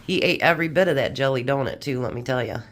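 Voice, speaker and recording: A chatty home-cooking vlogger, a woman with a low, deep-set voice. She talks easily to her viewers as she assembles and tastes food in her kitchen, keeping a homey, unhurried tone. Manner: chatty, homey, talks while eating and tasting. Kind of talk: casual cooking chat to camera.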